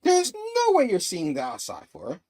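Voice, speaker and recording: A man's voice: sits high, huge pitch swings, normal speed, darkish tone, voice pushed up. A man reading out Spider-Man's lines as an indignant young superhero, loosely voiced in a comic review.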